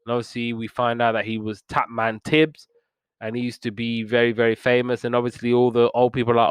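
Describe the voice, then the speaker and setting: A man's voice: mid-range voice, level tone, fairly quick, clear, resonant tone, dry recording. A man hosting a podcast, casually retelling cartoon episodes in a rambling way with lots of fillers and restarts. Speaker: podcast host reviewing old cartoons. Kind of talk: casual review chat.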